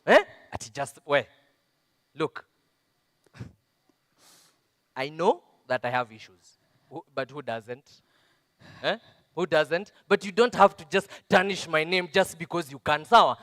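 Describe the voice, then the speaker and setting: An actor playing an abusive, self-pitying drunk husband, on stage, blustering and defensive, with constant "eh?" interjections. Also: male voice, on the high side, a little slow, fairly bright tone, dry recording, clean studio sound, big-room sound. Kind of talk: stage play monologue. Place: festival stage.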